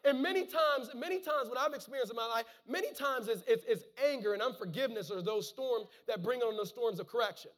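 Fervent male preacher with a very high voice who peppers his sermon with amens and repeats words. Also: brisk, hardly any pauses, a bit bright. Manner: fervent, punctuates with calls of amen and hallelujah; repeats words and restarts phrases. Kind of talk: sermon, reading and preaching scripture.

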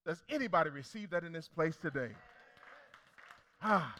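Young guy pastor preaching, high voice, super bright and sharp, repeats lines and asks the crowd stuff. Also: expressive, normal speed. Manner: preacherly call-and-response, emphatic repetition. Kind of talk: sermon.

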